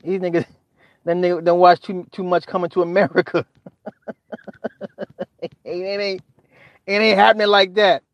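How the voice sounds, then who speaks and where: A man's voice: high voice, little pitch movement, moderate pace, long pauses, dry recording, muffled recording. A middle-aged man hosting a livestream, ranting in a profane, exasperated way and laughing often as he talks. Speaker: livestream host.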